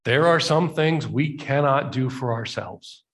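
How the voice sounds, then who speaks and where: A man preaching a sermon as a pastor, telling the story conversationally and slowing down for emphasis. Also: medium pitch.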